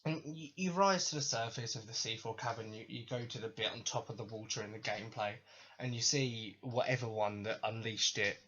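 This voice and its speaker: A man's voice: mid-range voice, brisk, bright, forceful tone, a little hiss or hum. A man hosting a podcast, ranting about video games in a sweary, sarcastic, exasperated way. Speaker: podcast host. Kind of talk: ranting video game commentary. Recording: dull lo-fi recording.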